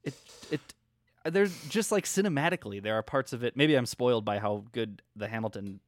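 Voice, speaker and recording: A man's voice: mid-range voice, expressive, fairly quick, dry recording. A man chats away as a podcast co-host, laughing easily and letting sentences wander. His voice sits in the middle of the male range. The recording is dry and close. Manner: chatty, laughs often, trails off. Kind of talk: casual chat.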